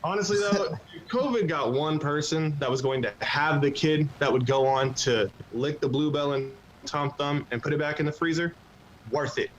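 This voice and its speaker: A man's voice: on the high side, moderate pace, low-quality recording. A man in his twenties doing a crude, self-mocking stand-up set at an open mic. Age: 20s. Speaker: stand-up comedian.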